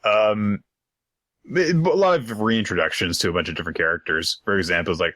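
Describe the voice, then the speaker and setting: A man's voice: lowish voice, animated, normal speed, fairly bright tone, no room sound. A man co-hosting a podcast, recapping manga chapters in casual chat, acting out characters in jokey voices and swearing freely. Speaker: podcast co-host.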